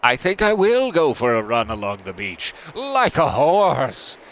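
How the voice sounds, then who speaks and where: A man voicing a tipsy, exuberant male character in a narrative video game who yells across a beach. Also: on the high side, normal speed, voice pushed up. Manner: loud, yelling exuberantly. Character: jolly man drinking, keen to gallop.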